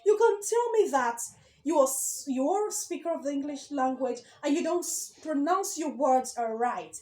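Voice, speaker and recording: A woman's voice: sits high, lively intonation, normal speed, a little mellow, reverberant. A woman giving a speech coaching lesson to camera, emphatic, repeating key words and asking rhetorical questions.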